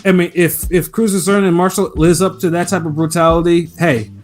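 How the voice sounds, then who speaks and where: A man with a notably high speaking voice who chimes in with short remarks and agreement during a casual boxing podcast. Faint music plays underneath. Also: steady tone, brisk. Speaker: podcast co-host.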